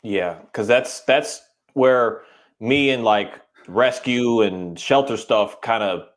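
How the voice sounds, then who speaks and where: Man, dog trainer, casual podcast chat, animated storyteller, mid-pitched voice. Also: slow pace.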